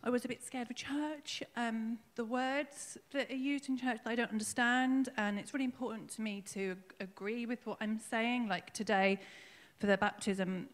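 Giving her baptism testimony in a church hall, a congregation member speaks in a high-leaning, fairly even voice at normal speed with few pauses, and the room sounds big. Her account of her faith is nervous and emotional, peppered with ums.

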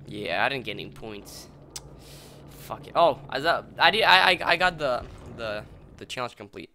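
Young man, gaming commentary, foul-mouthed ranting, lively pitch, bright voice. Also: moderate pace, a little hiss or hum. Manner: swears a lot, rants and shouts in frustration. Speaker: gameplay video creator.

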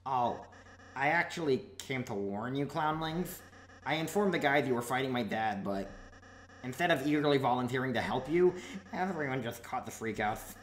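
A woman's voice: rumbling low, animated, moderate pace. A woman voicing a cheeky, mischievous little boy monster prince who talks in a playful, goofy way, recorded in an echoey room.

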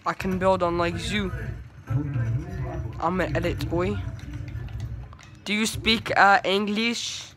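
A man giving live gameplay commentary, excitable and trash-talking, breaking into yelling outbursts. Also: high-pitched, slow, pauses often, music in the background. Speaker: gameplay streamer.

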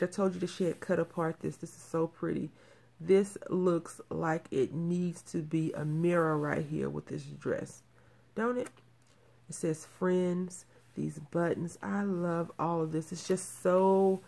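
A woman's voice: fairly low pitch, vocal fry, a little mellow. A woman in her thirties showing off crafting mail in a casual show-and-tell, gushing and repeating her praise. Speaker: crafting channel host.

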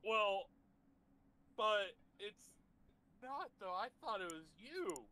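A woman streaming a party game, chatting casually in voice chat, excitable and swearing when confused. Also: medium pitch, slow pace, a little hiss or hum, low-quality recording.

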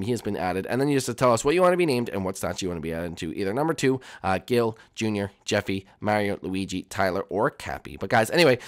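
A male channel host speaking casually, his pitch bouncing up and down in a lively way. He stumbles and halts often, padding his sentences with fillers. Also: no room sound, clean studio sound. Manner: halting, many fillers. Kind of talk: casual video roleplay host talk.

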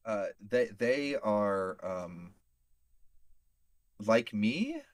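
A man's voice: fairly low pitch, expressive, drawn-out words, no echo. A man playing a tabletop role-playing game, talking hesitantly with many fillers. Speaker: player. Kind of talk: casual tabletop role-play.

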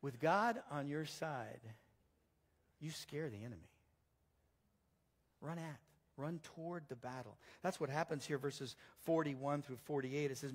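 A male pastor preaching a sermon in a church, telling stories in an animated way that swings between loud and soft. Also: fairly high pitch, unhurried, pauses often.

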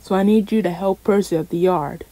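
A woman's voice: mid-range voice, fairly quick, dark tone, no room sound, lightly acted. A woman voicing a stern male railway boss who talks in a firm, commanding way.

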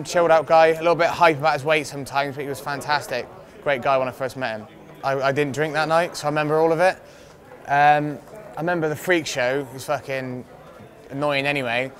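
A man's voice: medium pitch, a bit bright. A young man, a fighter, telling a rambling anecdote in a casual interview, swearing freely and laughing often. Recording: crowd noise outdoors.

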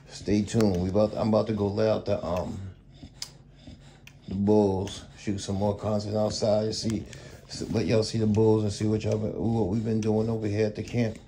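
A man's voice: lowish voice, warm tone, slight background noise. A man casually vlogging about his dog kennel, rambling and laid-back, talking to viewers with lots of y'all and man. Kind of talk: casual vlog. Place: indoors at home kennel.

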